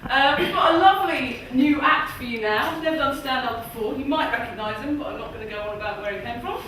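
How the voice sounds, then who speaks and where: A woman's voice: sits high, fast, fairly bright tone, slight background noise. A woman hosting a comedy night, introducing acts to the audience in an upbeat, chatty way. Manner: upbeat, chatty, filler uhs. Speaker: comedy club compere. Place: small comedy club. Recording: echoey room from far off.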